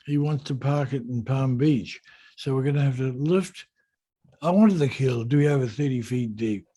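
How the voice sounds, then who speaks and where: A man, a yacht designer in an interview, telling a story in a relaxed, unhurried and self-deprecating way. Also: medium pitch.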